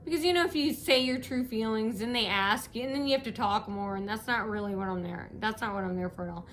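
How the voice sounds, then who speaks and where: A woman from the United States talks straight to camera in a rambling, indignant monologue. She often circles back on herself. Her voice is fairly high and sharply bright. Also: fast, a little hiss or hum.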